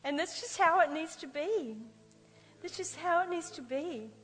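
A woman preacher telling personal stories in a lively sermon, acting out the voices she quotes. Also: very high voice, moderate pace, big-room sound, poor audio.

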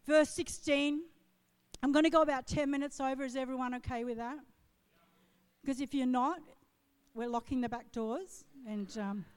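High-voiced woman preaching in a reverberant hall. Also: fairly even intonation, normal speed, smooth. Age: middle-aged. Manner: impassioned, swelling loud on declarations. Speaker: pastor. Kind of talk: sermon. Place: church auditorium.

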